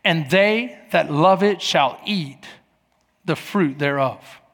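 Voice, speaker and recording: High-voiced pastor preaching in a hall. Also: male voice, slow pace. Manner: animated storytelling, acting out voices. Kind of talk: sermon. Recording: long hall reverb.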